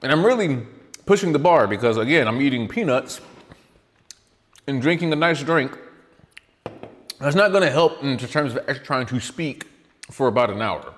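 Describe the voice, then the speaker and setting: A man's voice: mid-range voice, lively intonation, normal speed, pauses often, a bit bright, in a large hall. A man hosting a casual podcast, rambling and joking at his own expense, snacking while he talks into a studio mic. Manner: rambling, self-mocking, restarts often; chewing and eating while talking. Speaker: podcast host. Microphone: studio mic with headphones.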